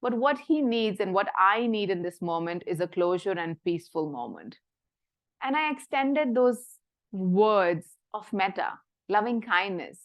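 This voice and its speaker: A woman physician giving an earnest, reflective talk about her practice, speaking in measured phrases that soften almost to a whisper at tender moments. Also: mid-range voice, expressive, muffled recording.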